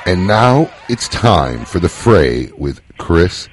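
A man's voice: deep voice, big pitch swings, slow pace, background noise. A man hosting a talk radio show, easygoing and jokey as he thanks callers and introduces segments.

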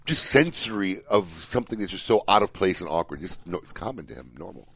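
Lively, low-voiced radio co-host. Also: male voice, fast talker, breathy edge, dry recording. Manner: animated storyteller, reads news items with asides. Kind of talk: casual talk radio banter. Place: radio studio.

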